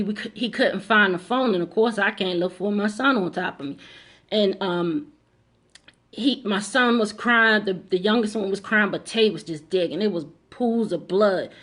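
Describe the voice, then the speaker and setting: A woman's voice: mid-range voice, normal speed, fairly bright tone. Middle-aged woman vlogger, personal storytelling, emphatic and direct with her audience, mid-range voice. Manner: emphatic, repeats lines, speaks straight to the audience.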